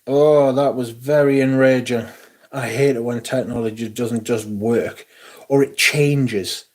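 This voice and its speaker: A man's voice: medium pitch, fairly even intonation, unhurried. A man hosting a casual livestream, sweary and grumbling about technical trouble before greeting his viewers. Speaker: livestream host.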